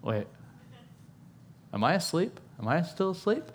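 A man's voice: fairly high pitch, big pitch swings, measured pace, slight background noise, pitched above the performer's own voice. A man voicing a panicked male apostle who has just escaped from prison, yelping and pleading frantically.

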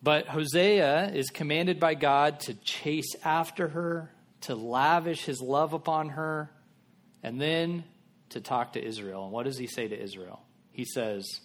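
A man's voice: a little high, unhurried. A man giving a sermon in a casual, conversational style, acting out biblical characters in everyday voices. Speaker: pastor.

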